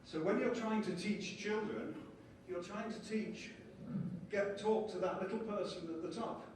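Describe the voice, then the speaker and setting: A man giving a lively conference lecture and explaining ideas with small acted-out scenes. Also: high voice, unhurried, a little hiss or hum. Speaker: conference speaker. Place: conference hall. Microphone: distant from the mic. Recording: echoey hall from far off, faint ambience.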